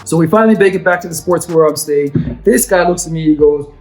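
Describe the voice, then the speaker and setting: A young man telling a story in casual chat, animated and acting out his friends' voices. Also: a little high, brisk. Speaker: vlogger. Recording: echoey room with faint music.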